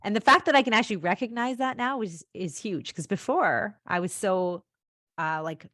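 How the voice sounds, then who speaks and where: A woman's voice: medium pitch, moderate pace, a bit bright, no room sound, clean studio sound. A woman hosting a podcast, chatting casually, with fillers and agreeing readily. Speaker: podcast host.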